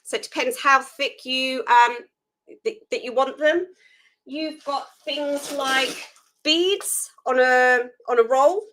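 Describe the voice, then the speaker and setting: A woman's voice: high voice, slow, fairly bright tone, low-quality recording. A woman hosting a live food photography tutorial, chatty and self-deprecating while she works hands-on.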